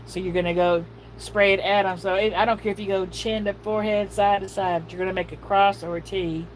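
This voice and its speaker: A middle-aged woman chats on her livestream in a folksy, rambling way. Her voice sits in an ordinary middle pitch. A faint hum of noise runs behind her. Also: steady tone, brisk, poor audio. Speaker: livestream host. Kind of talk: casual livestream chat.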